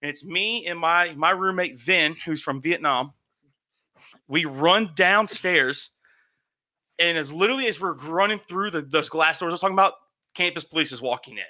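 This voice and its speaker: A young man casually telling a long, animated story, swearing and acting out what people said. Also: fairly high pitch. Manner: animated, swearing, acts out quotes.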